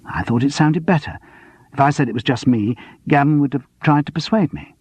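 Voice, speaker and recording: A man's voice: a little high, a little fast, darkish tone, husky, dry recording, voice pushed up. Flustered box office mother, voiced by a man. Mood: defensive. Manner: anxious, defensive, sarcastic. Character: flustered middle-aged theatre box office woman, defensive. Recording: dull lo-fi dry audiobook recording.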